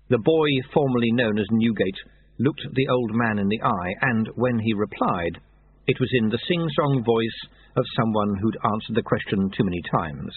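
A man narrating an audiobook with dry, expressive storytelling, heard through tinny phone-like audio. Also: fairly low pitch, moderate pace, husky.

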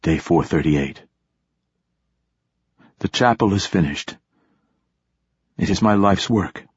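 Deep husky male narrator, dull recording. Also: dry recording. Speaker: audiobook narrator. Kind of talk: scripted first-person narration.

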